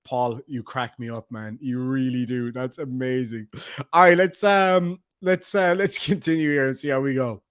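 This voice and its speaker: A man's voice: medium pitch, steady tone, normal speed, smooth, no room sound. A man hosting a casual livestream, chatty and joking as he reads out donations. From Ireland. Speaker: livestream host.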